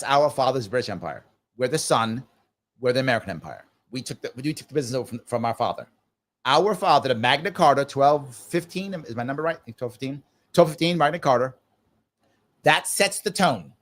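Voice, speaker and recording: A middle-aged man hosting a live political discussion, talking emphatically and hammering his points home through repetition. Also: a little high. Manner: emphatic and animated, repeats points. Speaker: host.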